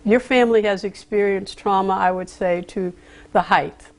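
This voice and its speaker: A woman's voice: mid-range voice, steady tone. Woman hosting a formal interview. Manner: formal, deliberate, gently guiding. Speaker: interview host, community affairs director.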